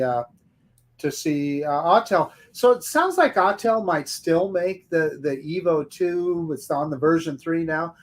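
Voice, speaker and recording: A man's voice: fairly high pitch, a little mellow. A man as a guest on a live-stream talk panel, speaking casually and bluntly with stumbling restarts.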